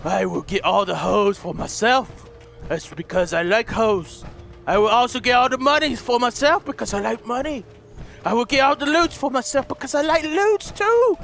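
A young man doing comedic gameplay commentary, shouting mock-heroic boasts with goofy bravado. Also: extremely high pitch, lively intonation, moderate pace, gravelly, soft background music. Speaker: gaming YouTuber.

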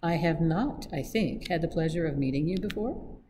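A reader plays a witty young gentleman adventurer from a storybook, dry and ironic in every reply. The tone is mellow and low in brightness. Faint hiss sits under it. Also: lively intonation, moderate pace, natural voice, low-quality recording. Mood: wry. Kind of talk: read-aloud audiobook acting.

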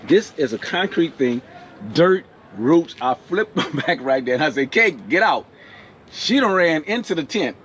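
Man excitedly retelling a camp story. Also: a little high, normal speed, slight background noise. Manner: excited, animated retelling with frequent laughs. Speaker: vlogger. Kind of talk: casual camping vlog storytelling. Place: outdoor campsite.

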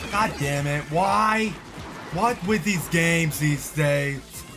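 A man's voice: a little high, slow pace, over music. A man giving live gameplay commentary, raging and cursing, rambling with many fillers. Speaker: gamer.

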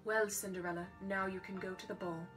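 A kind fairy godmother from a storybook, voiced by a woman reading aloud, speaking in a soft, calm and gentle voice that is a touch lower and quieter than the narration. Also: brisk, distant mic, music in the background, natural voice.

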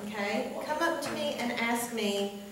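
A woman's voice: fairly high pitch, a little slow. A woman teacher lecturing a class, often checking in with "okay?". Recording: echoey classroom from far off, noisy.

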